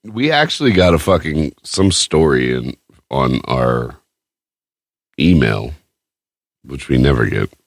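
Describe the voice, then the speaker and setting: Male podcast host, very low voice with lively swings, teasing crude banter, dry close sound. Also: takes it slowly, long pauses, dry recording. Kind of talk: casual podcast chat.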